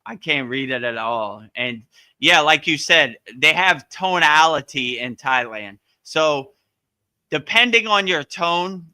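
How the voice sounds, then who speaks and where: A man's voice: a little high, animated, slow, pushed and bright, clear, resonant tone, no echo. A man hosting a live online Q&A, chatting casually, joking and laughing often, with frequent stammered restarts. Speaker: host of a live Q&A. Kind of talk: casual chat.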